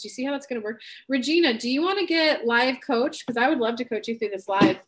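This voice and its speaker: A woman's voice: on the high side, fast, few pauses. A woman life coach on a live stream, answering viewers by name and speaking bluntly and earnestly, with casual swearing.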